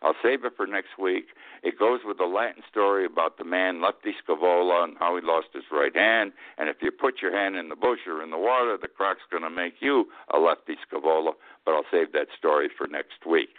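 A man's voice: low voice, fairly quick, no echo. An older man hosting a talk radio show, giving a rambling, folksy, opinionated monologue full of restarts. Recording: tinny phone-like radio line.

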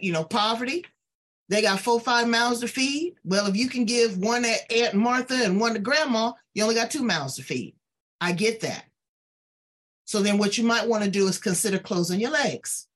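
A woman host who breaks in to lecture parents in a blunt, emphatic way, with a husky voice. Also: fairly high pitch, fairly bright tone. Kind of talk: preachy direct address.

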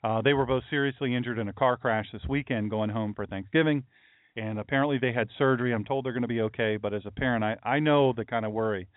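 Rambling middle-aged pastor, tinny audio. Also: male voice, mid-range voice, fast talker, no room sound. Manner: rambling, folksy, chatty asides. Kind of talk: casual livestream talk with chat. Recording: dry, phone-like lo-fi audio.

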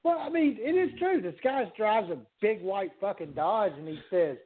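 A high-pitched man hosting a loose podcast, rambling along and swearing freely. He laughs often between his words. The sound is thin and phone-like. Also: animated, normal speed, heavy background noise. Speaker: podcast host. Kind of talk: casual profane chat.

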